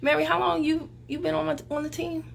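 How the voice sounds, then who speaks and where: A woman team leader chatting casually on camera with her team, lively, teasing and motivational. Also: high-pitched, fairly quick, gravelly, slight background noise. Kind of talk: casual group chat on camera.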